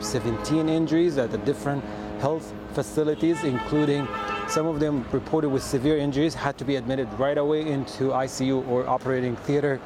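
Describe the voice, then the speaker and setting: A man reporting live from the field for a news broadcast, speaking haltingly with many fillers and restarts. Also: medium pitch. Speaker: field correspondent. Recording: noisy outdoor line. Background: drone and street noise.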